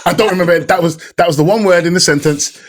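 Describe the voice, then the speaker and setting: A man guesting on a podcast, a stage actor telling a story in an excitable, laughing, apologetic way. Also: high-pitched, racing, noisy background. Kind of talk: animated storytelling in a podcast chat.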